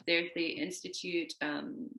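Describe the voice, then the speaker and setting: A woman poet from the United States, a guest on a video call, talking in a discursive, animated way and wandering onto tangents. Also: on the low side, takes it slowly, gravelly, reverberant. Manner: animated, acts out quoted voices. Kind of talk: casual conversation.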